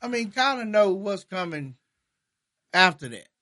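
A man tells jokes in a laid-back chat. His voice sits high and bright, and he laughs his way through each punchline. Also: very animated, measured pace. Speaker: podcast co-host. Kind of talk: casual joke-telling chat.

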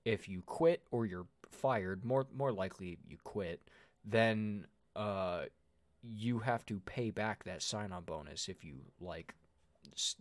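Male co-host, low voice, dry close sound, rambling and hedging. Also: takes it slowly, no echo. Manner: rambling, hedging, self-interrupting. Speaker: podcast co-host. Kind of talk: casual chat.

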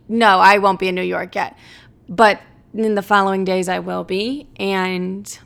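A woman's voice: medium pitch, vocal fry, fairly bright tone, clear, resonant tone. A young woman in her twenties hosting a casual solo podcast from an empty apartment, talking candidly, rambling and swearing freely. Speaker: podcast host.

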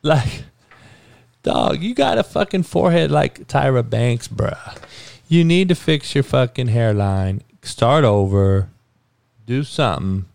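A man's voice: medium pitch, animated, takes it slowly, creaky, a little mellow, dry recording. A man giving a heated, profane and mocking sports rant as a podcast commentator.

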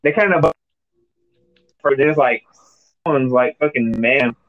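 A man's voice: medium pitch, a little slow, no echo. A man co-hosting a casual podcast, rambling and hesitating with lots of "uh" and "like" while recapping wrestling. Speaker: podcast co-host. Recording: tinny phone-like call audio.

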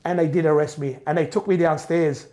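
A middle-aged man telling an emotional first-person story, animated, repeating and restarting as he goes. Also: fairly high pitch, fairly quick. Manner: animated, repeats and restarts, acts out quoted voices. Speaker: business owner telling his story.

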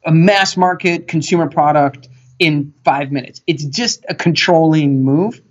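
A man guest on a talk show, telling stories and acting out what people said in a lively, animated way. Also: fairly high pitch, a little slow. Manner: animated storyteller, acts out quotes. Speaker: podcast guest expert. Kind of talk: casual interview talk. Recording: dull lo-fi sound.

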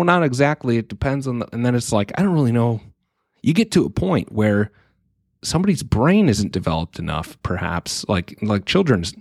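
A man's voice: medium pitch, a little mellow, slightly rough, dry recording, studio quality. A man in his thirties hosting a podcast, speaking earnestly in a reflective solo monologue and thinking aloud with frequent restarts.

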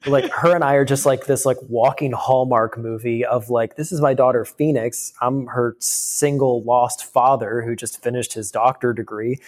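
A man in his thirties, an interview guest, telling a heartfelt personal story in a rapid, casual way full of fillers. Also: medium pitch, fairly even intonation. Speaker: podcast guest.

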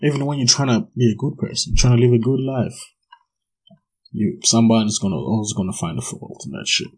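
A young South African man hosts his podcast solo, ranting casually while sipping gin, with swearing, laughter and frequent restarts. His medium-pitched voice is fairly quick, a little mellow and breathy-edged, and the recording is rough.

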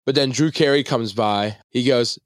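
A young man from the Philadelphia area, a guest public speaker, telling an excited story and acting out the lines he quotes. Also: normal speed, no echo, clean studio sound. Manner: animated, acts out quotes with big jumps in pitch.

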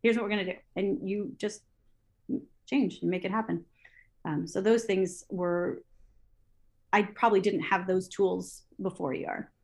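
Woman, interview guest, animated storytelling, reenacts her own thoughts, mid pitch. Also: a little slow, pauses often. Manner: many fillers and restarts. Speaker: interview guest, TV assistant director.

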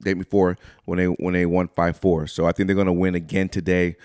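A man co-hosting a casual beer-and-sports podcast, loud and joking, with sudden shouted bursts. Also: deep voice, little pitch movement, fairly quick, dry recording, clean studio sound. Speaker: podcast co-host. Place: small room, two mics.

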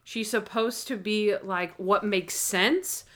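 A woman talking casually about a TV episode with a friend. She is animated, laughs often and slips into quoted lines. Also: medium pitch, slow pace. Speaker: podcast co-host. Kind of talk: casual chat reviewing a TV episode.

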